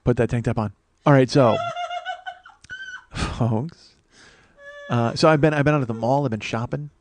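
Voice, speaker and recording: Rambling, animated man doing comedy. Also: medium pitch, a little slow, slight background noise. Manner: rambling, self-mocking, swings between loud outbursts and mumbled asides. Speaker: podcast host. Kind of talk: solo comedy podcast monologue.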